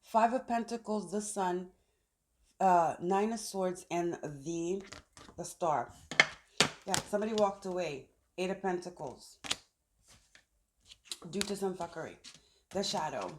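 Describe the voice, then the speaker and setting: A woman reads tarot casually outdoors in the sun, chatting and thinking aloud as she pulls cards. Her fairly low voice is unhurried, with long pauses, and the background is noisy.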